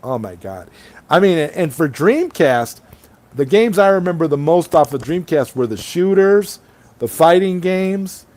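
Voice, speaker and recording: A man with a slightly high, darkish voice speaks at a measured pace and sounds very animated. He hosts a casual late-night livestream chat over an online streaming call, reading viewer comments aloud and rambling enthusiastically between them.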